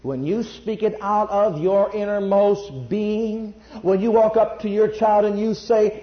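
A man preaching a sermon, emphatic, jumping between loud bursts and quiet asides. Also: high-pitched, fairly even intonation, a little slow, hardly any pauses. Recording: echoey room, dull lo-fi sound.

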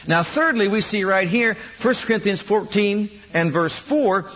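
A man's voice: high-pitched, animated, measured pace. A male pastor preaching a sermon, emphatic and repeating his points. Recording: dull lo-fi recording.

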